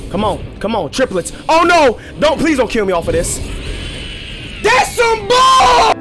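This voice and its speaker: A young man commentating his own gameplay, excitable and profane, trash-talking enemies and shouting at the screen. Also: high voice, brisk. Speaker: gaming channel host. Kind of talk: let's play commentary. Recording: game music clearly behind the voice.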